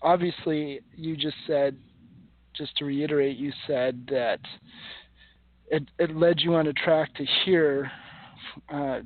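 A man in his forties hosts a faith podcast and asks earnest, searching questions, often stumbling and restarting mid-phrase. His voice sits a little higher than average. The audio is thin and phone-like. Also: fairly even intonation, takes it slowly, long pauses. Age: 40s. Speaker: podcast host. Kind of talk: casual chat.

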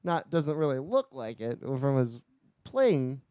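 A man's voice: medium pitch, big pitch swings, slow, dark tone, clear, resonant tone, dry recording, studio quality. A man co-hosting a casual podcast, blunt and joking, telling profane stories. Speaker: podcast co-host. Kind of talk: casual chat.

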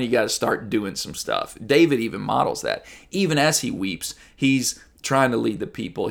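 A man preaching a sermon in a gravelly, mid-range voice. He talks to his listeners earnestly and conversationally. Now and then he reads Bible verses aloud or mimics the voices of ordinary people. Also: mid-range voice. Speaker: pastor.

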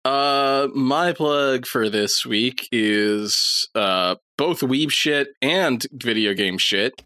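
A man's voice: mid-range voice, very slow, pushed and bright, dry recording, studio quality. A man co-hosting a podcast in casual chat, crude and joking. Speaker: podcast co-host.

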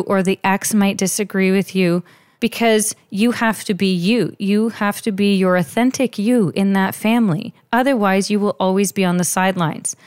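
Woman, stepmom telling her story, smooth clear voice, dry close sound, earnest. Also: medium pitch, darkish tone, dry recording. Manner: earnest, confiding, with many restarts. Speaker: stepmother sharing advice. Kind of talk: personal storytelling monologue.

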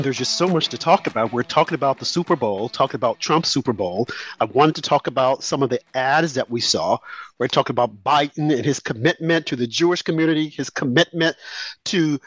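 Man, talk radio host, high voice, indignant, dry dull sound. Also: no room sound. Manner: emphatic, indignant, mimics others. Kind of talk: opinionated talk radio commentary.

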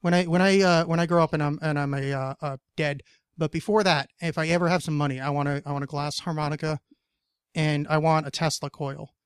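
A man's voice: fairly high pitch, fairly even intonation, brisk, clean tone, dry recording, studio quality. A man hosting a casual podcast chat, rambling with many fillers, jokes and swearing. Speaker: podcast host.

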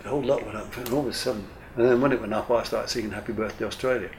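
An older man, a retired airline captain, telling a lively, mildly profane story in an interview. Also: lowish voice, rapid-fire, background noise. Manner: lively, swears casually, full of restarts. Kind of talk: casual anecdotal storytelling.

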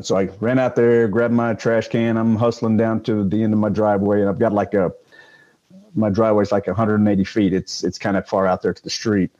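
Older male guest, ex-police, low voice, rambling storyteller, muffled lo-fi audio. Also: mellow. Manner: rambling, with many fillers and restarts. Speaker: guest, retired police sergeant. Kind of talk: casual interview storytelling.

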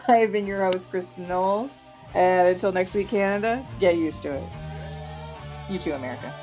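A woman's voice: fairly low pitch, normal speed, over music, rough recording. A woman hosting a podcast, signing off in a wry, self-mocking way. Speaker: podcast host. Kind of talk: casual chat with sign-off.

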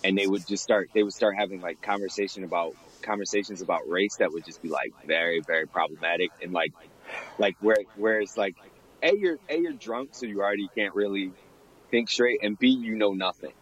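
A man's voice: fairly low pitch, a little fast, a bit bright, husky, poor audio. A young man being interviewed about bartending. He rambles casually, fills his talk with fillers and laughs often. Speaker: guest, former bartender.

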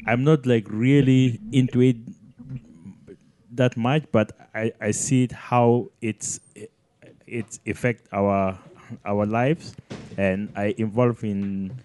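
Slow, halting Egyptian-accented man. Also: fairly low pitch, a little mellow, clear, resonant tone. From southern Egypt. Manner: halting, searching for words, many restarts. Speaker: studio guest. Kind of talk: casual chat. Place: live studio in front of an audience.

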